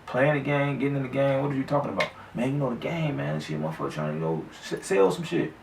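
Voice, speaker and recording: A man's voice: mid-range voice, expressive, fast talker, gravelly, distant mic, slight background noise. A man voicing a shifty young male friend who mumbles evasively through profanity and filler. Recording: echoey room, off-mic.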